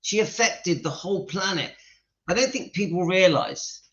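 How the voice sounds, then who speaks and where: A man's voice: sits high, expressive, moderate pace, a bit bright. A man hosting a casual live stream, chatting to viewers in a sentimental, friendly way and greeting them by name. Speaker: livestream host. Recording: dull lo-fi audio, faint music behind.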